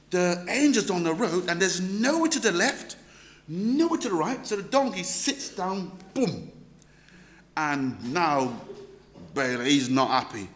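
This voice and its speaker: A pastor preaches in a high voice that swoops up and down, unhurried and deliberate. He tells the story with humour and animation. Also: fairly bright tone. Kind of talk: storytelling sermon.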